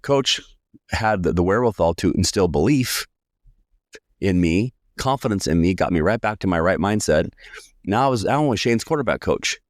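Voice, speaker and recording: A deep-voiced U.S. sales coach in his forties talks at normal speed while telling a lively story about himself in a podcast interview, acting out the voices of those he quotes. The sound is clean studio audio with no room sound.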